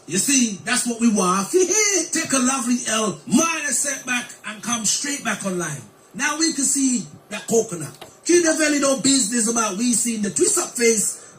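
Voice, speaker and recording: Brief: high-voiced man taunting his target, bright tone, echoey clip with music behind. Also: far from the mic. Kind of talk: mocking commentary.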